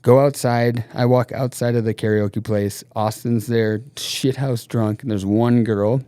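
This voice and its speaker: A middle-aged man, a podcast guest, telling a wild road-trip anecdote in a loose, profane, animated way. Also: mid-range voice, measured pace, clear, resonant tone, no room sound. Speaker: podcast guest, snowboard team manager. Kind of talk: casual storytelling.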